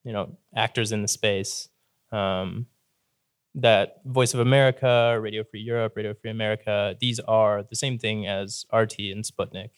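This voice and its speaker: Low-voiced host, dry close sound. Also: male voice, fairly even intonation, moderate pace, clean tone, no echo. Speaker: podcast host. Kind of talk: casual interview questions.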